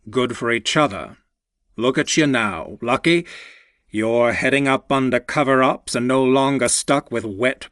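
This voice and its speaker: A man narrating an audiobook, voicing a proud older male mentor who speaks with heartfelt, unhurried warmth. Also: mid-range voice, no echo, studio quality, natural voice.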